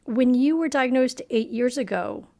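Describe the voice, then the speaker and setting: A woman interviewing a guest in a friendly, chatty way with quick asides. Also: sits high, dark tone. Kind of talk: conversational interview.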